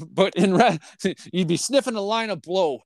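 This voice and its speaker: A man's voice: high voice, expressive, unhurried, no echo. A man telling a long story in casual podcast talk, rambling and swearing constantly, with many fillers and restarts. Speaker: podcast host.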